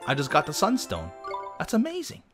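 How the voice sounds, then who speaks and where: A man's voice: on the high side, huge pitch swings. A man casually commentating a video game as he plays, chatty and easygoing. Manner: easygoing, chatty, quick reactions. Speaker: let's play gamer. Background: game music.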